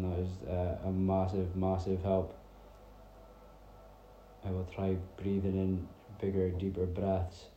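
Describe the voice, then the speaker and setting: Low, flat-voiced man from north-east Scotland. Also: roomy sound, muffled recording, slight background noise. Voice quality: drops his T sounds. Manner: rambling, chatty storytelling with many fillers. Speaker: podcast host. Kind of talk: casual solo podcast chat.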